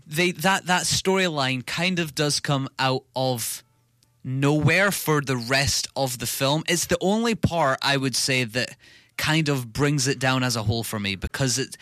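A man's voice: medium pitch, sharp tone, no room sound. A man chatting enthusiastically about a film, rambling with restarts. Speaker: film podcast co-host. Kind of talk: casual film review chat.

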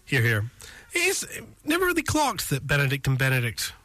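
A man hosting a casual film podcast, wry and teasing in quick banter. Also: mid-range voice, huge pitch swings, pushed and bright, no room sound. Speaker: podcast host.

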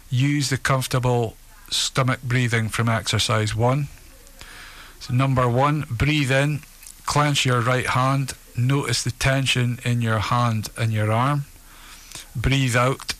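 A man in a middle register guides listeners through a relaxation session. His pace is unhurried and his instructions come calm and steady, one step at a time. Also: mid-range voice.

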